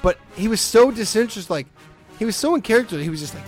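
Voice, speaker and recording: A man hosting a podcast, telling a long story in a casual, animated way and often breaking into laughter. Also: high-pitched, quick pace, soft background music. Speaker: podcast host.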